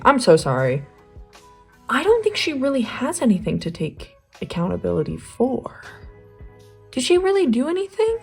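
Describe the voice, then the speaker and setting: A woman's voice: fairly high pitch, huge pitch swings, moderate pace, gravelly, slightly rough, soft background music. A young woman chatting casually while she draws, rambling with lots of fillers and slang. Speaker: art vlogger. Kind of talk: casual chat while drawing.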